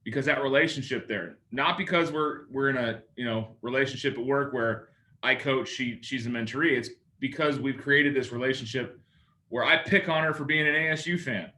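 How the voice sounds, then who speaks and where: A sales coach, male, walks his class through telephone habits with a bright, forceful voice at mid-range pitch and a normal speed. Lively and playful, he acts out both sides of the calls he describes.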